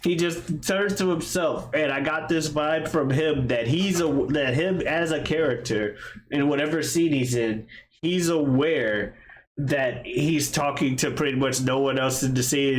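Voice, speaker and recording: A man chatting casually about a film, animated, acting out scenes in put-on voices and swearing freely. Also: medium pitch, slight background noise. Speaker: podcast co-host. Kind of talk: casual movie discussion.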